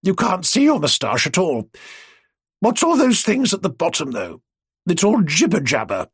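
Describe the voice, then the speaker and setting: A man's voice: high-pitched, huge pitch swings, normal speed, slightly rough, no echo, clean studio sound, voice pushed up, heavily acted. A man doing a blunt, cheeky old woman. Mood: wry.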